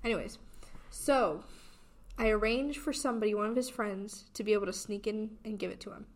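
A young woman co-hosting a podcast, telling a story in an animated way and laughing as she goes. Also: medium pitch, fairly quick. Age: young adult. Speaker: podcast co-host. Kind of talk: casual chat.

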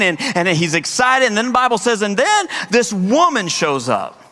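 A man preaching a sermon as pastor, lively and energetic, breaking into shouts and playful voices. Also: sits high, moderate pace.

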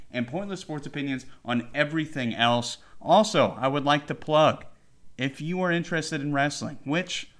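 A man's voice: medium pitch, fairly bright tone. A young man hosting a casual sports podcast, loose and hyped, swearing freely. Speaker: podcast host.

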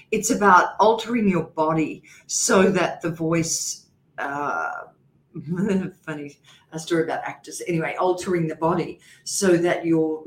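An Australian woman from Queensland, guest on a podcast, talking emphatically about communication and repeating points for force. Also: on the low side. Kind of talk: podcast interview. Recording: roomy echo.

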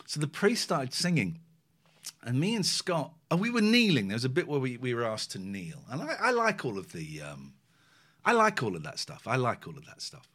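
A man, co-hosting a casual podcast chat and telling an emotional personal story in an animated way. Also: medium pitch, normal speed. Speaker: podcast co-host.

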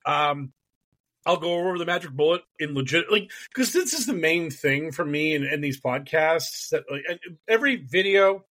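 A man's voice: on the high side, lively intonation, moderate pace, a bit bright. A man co-hosting a podcast in casual chat, rambling and mocking, breaking into silly impressions with many restarts. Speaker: podcast co-host.

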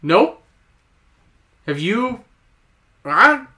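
A man playing a silly male giant in a comedy sketch, delivering slow, goofy rhymes. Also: sits high, very animated, pushed and bright, full character voice.

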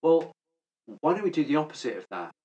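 A man co-hosting a veterinary podcast in casual chat, measured as he proposes ideas. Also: on the high side, sing-song, mellow, poor audio.

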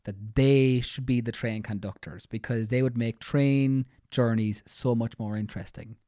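A woman co-hosting a podcast, talking quickly and jokingly in casual chat. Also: rumbling low, steady tone, warm tone, dry recording, clean studio sound. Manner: fast-talking, jokey, breaks into mock announcer voices. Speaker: podcast co-host.

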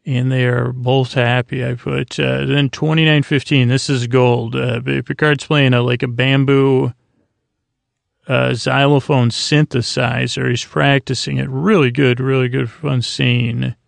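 A man hosts a sleep podcast, rambling through a recap with plenty of fillers and restarts. His voice is heavily gravelly and stays almost completely flat in pitch. The sound is close and dry, with no room around it. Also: a little slow, no room sound. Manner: low-key, drowsy delivery. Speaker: podcast host.

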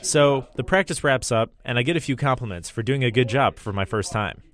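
A man's voice: medium pitch, fairly quick, a bit bright. A man hosting a radio segment, narrating in a scripted, wry, self-deprecating way.

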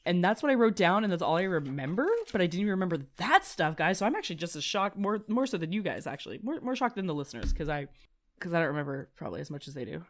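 Woman recapping a tabletop game, low-ish voice, rambling, swears a lot. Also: sing-song. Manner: swearing, rambling, quick asides. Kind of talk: casual recap chat.

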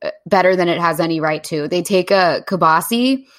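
A woman hosting a podcast, chatting casually with enthusiasm and quick asides. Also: fairly low pitch, soft background music. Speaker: podcast host.

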